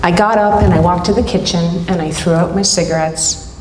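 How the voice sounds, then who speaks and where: A middle-aged woman telling a personal story live on stage, with dramatic pauses between short phrases. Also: lowish voice, steady tone, darkish tone, slight background noise. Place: stage at a live event hall. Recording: roomy hall reverb.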